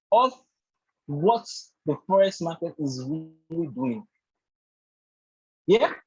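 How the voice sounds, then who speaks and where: A man teaches a trading bootcamp over a group call, his voice pitched high and a little raspy. He fills his talk with "actually" and keeps checking in with the class. The call audio sounds dull and lo-fi. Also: a little mellow. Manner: repeatedly checks in with "do you understand?" and "right?"; leans heavily on "actually" and "all of that". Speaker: trading instructor.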